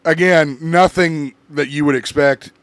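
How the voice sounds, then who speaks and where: A man's voice: on the high side, fairly even intonation, measured pace, a bit bright. A man hosting a podcast, chatting loosely and swearing a lot as he runs through the week's news. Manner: loose, profane, rambling. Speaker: podcast host. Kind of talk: casual chat.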